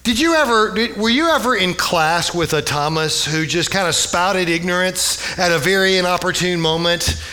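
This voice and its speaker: A man's voice: sits high, moderate pace, pushed and bright. A man preaching a conversational sermon, retelling scripture with humorous asides and rhetorical questions. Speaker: pastor.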